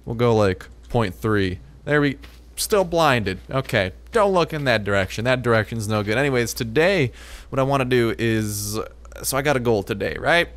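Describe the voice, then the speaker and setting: A gaming video host talks excitedly over his own play in a voice of middling pitch for a man. He is chatty and loose, often starting a phrase twice before finishing it. The sound is a plain desktop microphone at home. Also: normal speed. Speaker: gaming YouTuber. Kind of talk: excited let's-play commentary.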